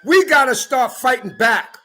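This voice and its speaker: A man delivering a heated, profane rant to camera, often breaking into shouts. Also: extremely high pitch, animated, a little slow, soft background music. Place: California.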